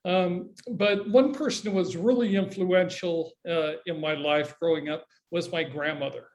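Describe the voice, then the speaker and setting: An older man from Southern California giving a personal introductory speech, with hesitant pauses and fillers, over a video call. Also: on the high side, fairly even intonation. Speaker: demonstration speaker.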